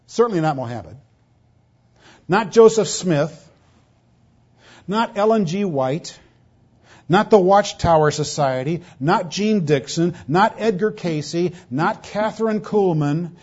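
A man preaches a sermon in a high, animated, slightly mellow and rough voice, going slowly with long pauses. He presses his points hard with emphasis and rhetorical questions, shifting pace for stress, on a dull lo-fi recording.

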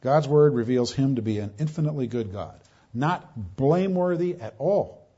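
A man's voice: mid-range voice, expressive, normal speed, dark tone, husky. A man preaching an expository sermon, emphatic and repeating his key phrases, on a dull lo-fi recording. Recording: dull lo-fi sound.

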